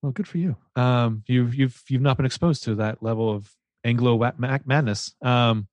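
A man co-hosting a podcast, chatting casually about a movie, animated and laughing as he retells scenes. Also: mid-range voice, moderate pace, no room sound, muffled recording. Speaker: podcast co-host. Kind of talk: casual movie-discussion chat.

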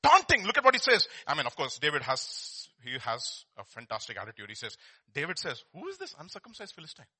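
A man preaches with a bright, ringing voice that leaps up and down in pitch. He swings from hushed asides to loud, urgent exhortation, repeating words and firing rhetorical questions at the congregation. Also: huge pitch swings, a little fast, slightly rough. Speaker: pastor. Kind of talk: sermon.

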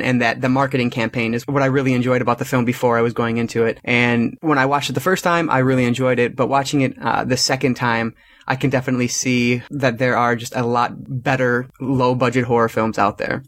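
A man hosting a casual film review podcast, talking in a measured, thoughtful way. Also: medium pitch, a bit bright. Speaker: podcast host.

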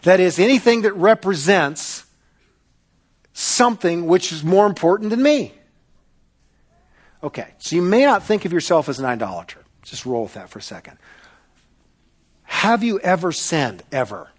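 A man preaching a sermon to a congregation, swinging between loud, emphatic calls and hushed, quiet passages. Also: high voice, very animated, moderate pace, long pauses, slightly rough. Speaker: pastor.

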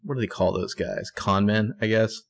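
A man's voice: lowish voice, normal speed, gravelly. A man co-hosting a casual TV recap podcast, narrating scenes bluntly and swearing often. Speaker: podcast co-host.

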